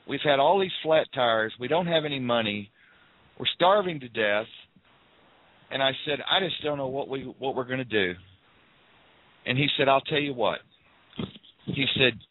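Over a tinny phone line, the Southern caller tells his personal story unhurriedly, pausing often, his mid-range voice rising and falling in lively intonation. He's earnest and repetitive, hammering phrases for emphasis and raising his voice when quoting others; the sound is dry.

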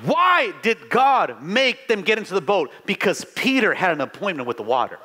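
A middle-aged man preaching a live sermon with fervent energy, stammering restarts and bursts of shouting. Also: sits high, sing-song, normal speed, hardly any pauses, crowd noise, background noise. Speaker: pastor.

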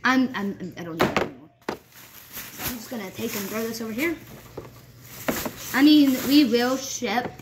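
A woman's voice: a little high, normal speed, long pauses. A young woman vlogging casually at home while cleaning a rabbit cage, rambling and playfully scolding her pets. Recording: loud background noise.

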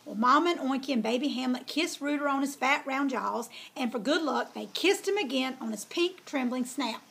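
A woman's voice: high-pitched, normal speed, vocal fry, fairly bright tone, husky. A woman reading a children's story aloud in a folksy, drawling way.

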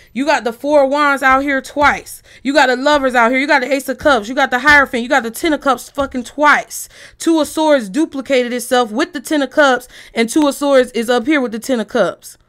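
Woman, tarot reader, fairly high voice, blunt, profane, talks straight to viewers. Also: a bit bright. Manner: blunt, profane, emphatic, addresses viewers directly. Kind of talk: tarot reading vlog.

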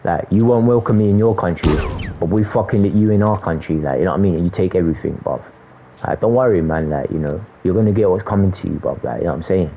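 A man's voice: low voice, fast talker, highs cut off, a little hiss or hum. A young man from London with a London accent, trash-talking aggressively and swearing on a game voice chat. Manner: aggressive, swearing, repeats "you know what I'm saying". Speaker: gamer on voice chat. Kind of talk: heated trash talk over game chat.

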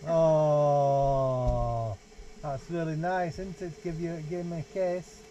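A man's voice: fairly high pitch, fairly even intonation, slow, very noisy. A young man, reading a picture book aloud to his baby in playful sing-song baby talk, inside a small caravan. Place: small holiday caravan, indoors. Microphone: 360 VR camera nearby.

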